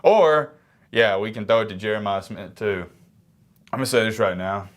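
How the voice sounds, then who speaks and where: A young man with a cold giving casual, low-energy sports commentary to camera, sometimes moving away from the mic. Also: moderate pace, slight background noise. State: sick, congested. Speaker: sports reaction YouTuber.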